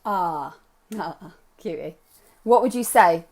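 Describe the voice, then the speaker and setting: A woman's voice: fairly low pitch, expressive, slow, darkish tone. A young adult woman coaching a live group on self-love, upbeat and chatty, encouraging her listeners and slipping into playful voices.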